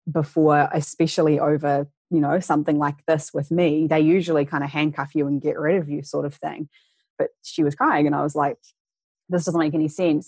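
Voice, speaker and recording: A woman's voice: low voice, darkish tone, dry recording. A young woman as an interview guest, telling a personal story candidly and earnestly, often acting out what people said. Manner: candid, earnest, re-enacts quoted voices.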